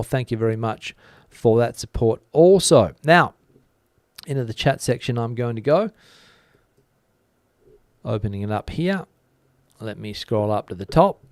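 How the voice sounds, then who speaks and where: A man hosting a live stream, chatting easily as he reads out and answers viewer comments, with plenty of "uh" pauses along the way. His voice is smooth and clear, recorded close and dry with no room sound. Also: medium pitch, darkish tone, no echo. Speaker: channel host. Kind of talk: live-stream chat reading.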